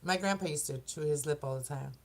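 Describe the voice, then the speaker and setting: A woman's voice: low-pitched, fast talker. A woman doing a casual oracle card reading for the zodiac signs, chatty and rambling, often laughing and tripping over words. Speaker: tarot and oracle card reader.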